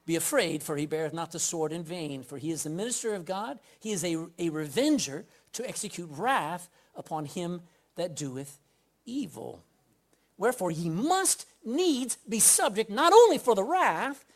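A man preaching a sermon from the pulpit, reading scripture aloud and putting direct questions to the congregation. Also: sits high. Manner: emphatic, swings between loud scripture reading and quiet asides. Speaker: pastor. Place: church pulpit.

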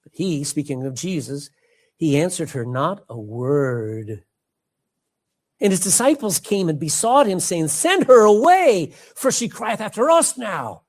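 Animated preacher man delivering a sermon. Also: a little high, measured pace. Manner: emphatic, calls out to the congregation. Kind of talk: sermon with scripture reading.

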